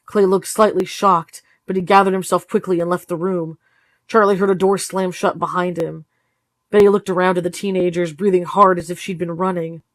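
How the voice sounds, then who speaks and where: A tired woman reading a novel aloud in steady, low-key storytelling narration. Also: moderate pace, no echo. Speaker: audiobook reader. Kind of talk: read-along narration of a novel.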